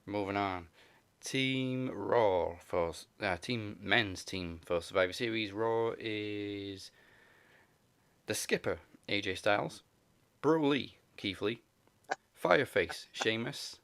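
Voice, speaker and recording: A man's voice: on the low side, slow pace, gravelly, fairly bright tone, smooth. A man hosting a casual wrestling podcast, laughing often as he moves through the segments. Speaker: podcast host.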